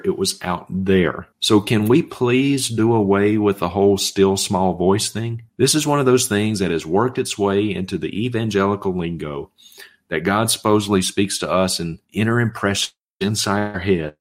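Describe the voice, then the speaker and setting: A man giving an expository sermon, reading scripture aloud and arguing each point with emphasis. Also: deep voice. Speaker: Bible teacher.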